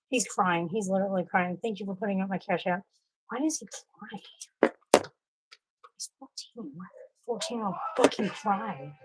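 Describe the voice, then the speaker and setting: A woman's voice: medium pitch, moderate pace, pauses often, husky, no room sound, poor audio. A woman in her thirties chatting casually on a livestream, blunt and talkative, swearing freely. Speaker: streamer.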